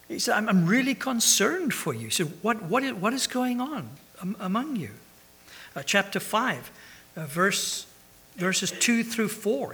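A man preaching a sermon, animated and full of rhetorical questions, with frequent restarts. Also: high-pitched, husky.

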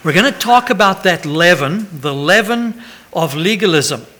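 A man's voice: sits high, lively intonation, measured pace, pushed and bright, a little hiss or hum. A man preaching a sermon, chatty and pastoral, with self-deprecating asides and a habit of tagging 'right?'. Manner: pastoral, announcement-style.

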